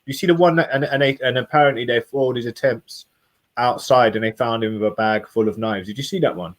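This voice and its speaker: A man, chatting casually and speculating out loud. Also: mid-range voice, quick pace. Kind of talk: casual chat.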